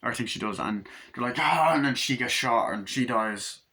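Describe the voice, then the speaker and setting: A man's voice: medium pitch, fairly quick, pushed and bright. Rambling, profane male movie reviewer. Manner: rambling, profane, full of fillers. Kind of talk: casual film recap.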